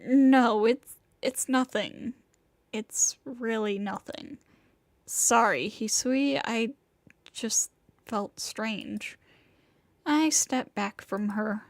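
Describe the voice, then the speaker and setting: Bewildered young man narrating his own story, voiced by a woman, slow and high. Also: no echo. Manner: bewildered, rambling inner monologue. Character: flustered young male student narrator.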